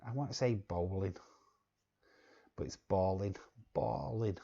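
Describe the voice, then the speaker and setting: English male streamer, quiz host, unhurried and joking, low pitch. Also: gravelly, warm tone, breathy edge, muffled recording. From England. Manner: joking, chuckling, repeats words while reading chat. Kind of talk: casual live-stream chat.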